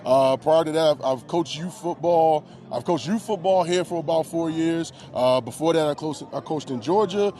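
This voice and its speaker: A middle-aged man doing live color commentary at a high school football game, breaking down plays with a coach's eye and folksy turns of phrase. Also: normal speed, hardly any pauses, dark tone.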